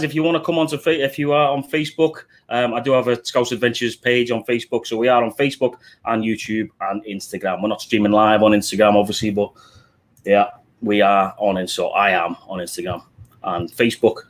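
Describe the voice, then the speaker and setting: A middle-aged man with a Liverpool accent talks into his computer microphone like he's chatting with friends. He rattles off greetings to viewers one after another, with plenty of "mate" and "buddy". His voice sits at a mid pitch, neither high nor low. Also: fairly bright tone. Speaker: livestream host. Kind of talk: casual live-stream chat.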